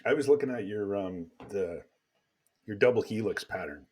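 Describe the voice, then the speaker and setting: A man's voice: lowish voice, moderate pace, slightly rough. A man hosting a casual podcast chat, rambling along with lots of fillers. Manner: relaxed, rambling with many fillers. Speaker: podcast host.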